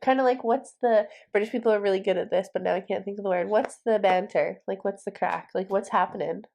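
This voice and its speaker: A woman's voice: mid-range voice, fairly even intonation, fast talker, vocal fry, a little mellow. Curious woman co-hosting a podcast. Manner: curious, guesses and asks questions. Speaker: podcast co-host. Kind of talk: casual chat.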